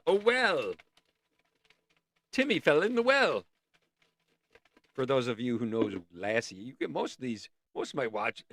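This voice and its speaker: A man's voice: medium pitch, a bit bright. A man hosting a casual art livestream, rambling and easily sidetracked, breaking off to sing bits of songs. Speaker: livestream host.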